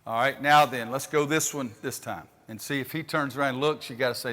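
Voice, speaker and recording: A man's voice: mid-range voice, fairly quick, fairly bright tone, in a large hall, slight background noise. An older man, a basketball coach, running a clinic demonstration with a folksy manner and calling out instructions to players. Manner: folksy, directs players on court with calls. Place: gym court.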